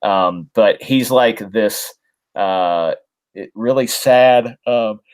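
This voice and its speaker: He has a lowish, slightly mellow voice and draws his words out. As co-host of a casual comics podcast, he chats through a story recap in a rambling way, full of ums, fillers, and restarts.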